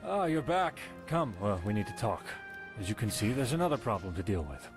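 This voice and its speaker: Weary guard captain, low and dutiful, for a fantasy game , played by a man. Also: sing-song, a little fast, music in the background. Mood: stern. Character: dutiful male town guard captain, gruff. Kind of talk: modded game character dialogue.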